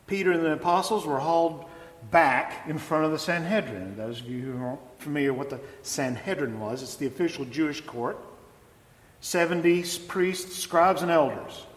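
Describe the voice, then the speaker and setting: Preaching man in an echoey hall. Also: on the high side. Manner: reflective, deliberate preaching with slow emphatic phrases. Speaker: pastor. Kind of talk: sermon.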